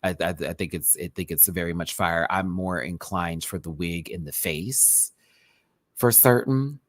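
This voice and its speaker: A young man giving live-stream commentary on a reality show, gushing and bursting into excited squeals. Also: low-pitched, unhurried, no room sound. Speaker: reality TV reviewer.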